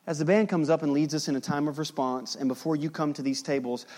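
A pastor preaches fast in a steady voice that leans high. His sermon feels conversational, sprinkled with jokes, and moves back and forth between loud stresses and quiet, solemn stretches.

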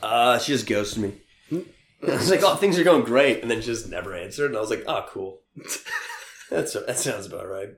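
A young man with a somewhat low voice tells loose, rambling stories, full of fillers and quick laughs. The room around him is noticeably echoey. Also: lively intonation, a bit bright. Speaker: interviewee. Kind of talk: casual storytelling.

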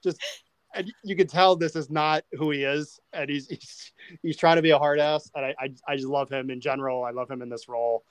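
A man's voice: fairly high pitch, fairly even intonation, brisk, clean tone, no room sound. A man hosting a casual movie podcast, talking in loose rambling sentences and restarting words as he thinks. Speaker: podcast host.

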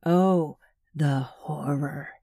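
A woman's voice: lowish voice, measured pace, vocal fry, dark tone, no echo, studio quality. A woman voicing a sneering, scheming man. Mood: menacing. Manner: sneering, drawling. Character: scheming, contemptuous man, a cold official.

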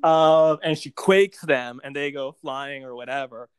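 A man in casual chat recapping a TV episode, animated, acting out the characters' lines and laughing often. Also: mid-range voice, a little slow, clean tone, no echo. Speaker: podcast co-host recapping a TV episode.

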